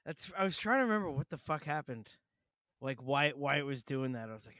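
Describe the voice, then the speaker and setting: A man's voice: a little high, sing-song, a little fast, sharp tone, no echo. Dry-voiced man retelling a movie, laughing. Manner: swears freely, laughs often, mocks movie lines. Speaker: podcast co-host. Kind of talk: casual chat.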